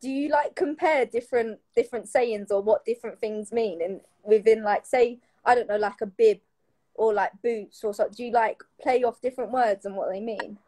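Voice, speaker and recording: A woman's voice: on the high side, a little fast, dark tone. A woman hosting a casual interview chat on a livestream, friendly and asking follow-up questions. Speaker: host.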